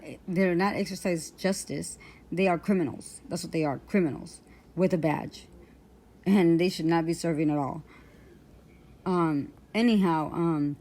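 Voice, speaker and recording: A woman's voice: lowish voice, darkish tone. A woman telling a personal story in a rambling, indignant way, full of fillers and restarts. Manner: aggrieved, indignant. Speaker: vlogger.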